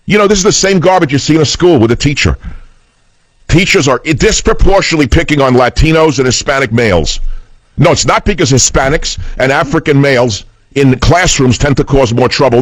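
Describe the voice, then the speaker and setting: A man's voice: mid-range voice, expressive, a little fast, no room sound, rough recording. A man hosting political talk radio, speaking in a combative, scornful and emphatic way.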